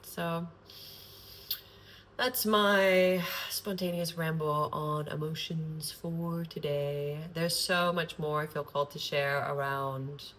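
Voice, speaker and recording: A woman's voice: low voice, fairly even intonation, slow, fairly bright tone, slight background noise. A woman talking to camera in a loose, rambling monologue, earnest and sprinkled with swearing. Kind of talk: casual spontaneous monologue.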